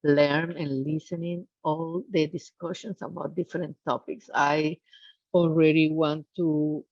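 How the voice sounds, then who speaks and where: A woman with another on a video call, speaking haltingly with many fillers about a leadership course. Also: sits low, flat delivery, no room sound. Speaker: program participant. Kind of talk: casual testimonial on a video call. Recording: dry, dull video call audio.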